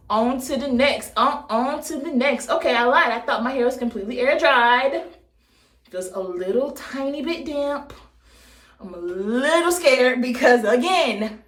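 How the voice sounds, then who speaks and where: A woman in her thirties chatting casually on camera as she does her hair, playful and jokey, talking straight to her viewers. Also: a little high. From United States. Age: 30s. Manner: playful, jokey, talks to viewers as "baby" and "y'all". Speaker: hair vlogger. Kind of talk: casual chat while styling hair on camera. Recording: echoey room.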